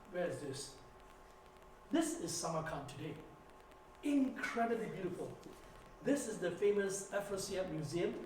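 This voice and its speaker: A man giving a church lecture with slides, telling stories and anecdotes in an animated way. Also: high voice. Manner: anecdotal, animated storytelling with asides. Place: church hall. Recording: echoey hall, distant mic, faint noise.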